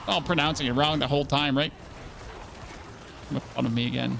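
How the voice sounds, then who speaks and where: A man's voice: mid-range voice, steady tone, brisk, gravelly, pauses often, a bit bright, slight background noise. A young man giving casual gameplay commentary as a streamer, rambling, stammering over his words and asking his viewers questions.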